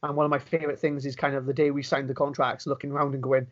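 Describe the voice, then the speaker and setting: Fast-talking young Welsh man. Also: medium pitch, flat delivery. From Wales. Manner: fast, enthusiastic storytelling with many restarts. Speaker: interview guest, pro wrestler. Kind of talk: casual interview chat. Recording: dull lo-fi recording.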